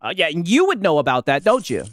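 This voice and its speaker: Sarcastic man heckling with a lively voice. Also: on the high side, quick pace, dry recording, soft background music. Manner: sarcastic, profane, keeps calling the other man "brother". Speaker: reaction streamer. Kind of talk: casual live reaction commentary.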